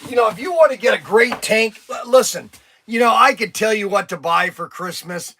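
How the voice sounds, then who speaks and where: A man hosting a toy shop live stream, an excitable pitchman who rambles and breaks into shouts, his voice strained from days of nonstop talking. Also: moderate pace, vocal fry, slight background noise. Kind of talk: casual live-stream sales talk. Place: inside a toy shop among shelves.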